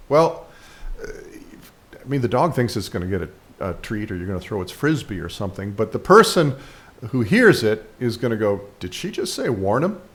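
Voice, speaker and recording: A man hosting a dog training video, explaining a trick in a rambling voice-over with frequent fillers and restarts. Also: medium pitch.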